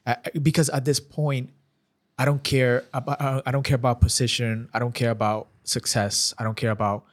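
A man sharing an emotional personal testimony as a podcast guest, speaking earnestly and haltingly with many restarts. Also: mid-range voice, little pitch movement.

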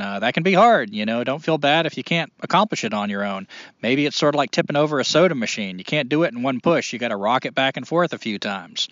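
A man's voice: medium pitch, fairly bright tone, no room sound, dull audio. A man hosting a casual podcast, talking in an earnest, rambling way with many fillers. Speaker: podcast host.

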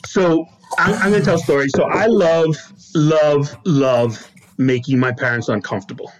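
A man hosting a podcast, telling stories in a lively, laughing way and acting out what people said. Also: a little high, normal speed, crowd noise, poor audio. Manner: animated, laughing storyteller who acts out quotes. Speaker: podcast host. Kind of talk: casual storytelling chat.

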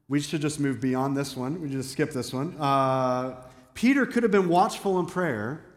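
Animated man preaching in an echoey hall. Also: medium pitch, a little slow. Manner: animated, acts out quoted voices, self-deprecating asides. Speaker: pastor. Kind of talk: sermon. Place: church sanctuary.

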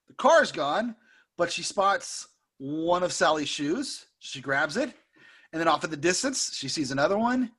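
A man co-hosting a podcast, recapping a film in a casual, jokey way and slipping into squeaky impressions. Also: moderate pace, slightly rough. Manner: animated storyteller who puts on squeaky impressions; jokey, laughs often. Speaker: podcast co-host.

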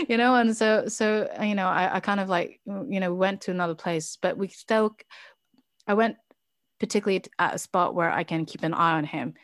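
A woman's voice: fairly low pitch, brisk, dry recording, studio quality. Earnest woman telling personal stories. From Chinese heritage. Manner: earnest, reflective, many fillers and restarts. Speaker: interview guest, business founder. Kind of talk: candid personal interview.

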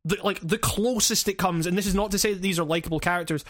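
A man's voice: high-pitched, steady tone, quick pace, fairly bright tone, dry recording, studio quality. A man co-hosting a casual game-review chat, swearing freely and laughing often. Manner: swearing, laughing, mock villain voices. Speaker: podcast co-host.

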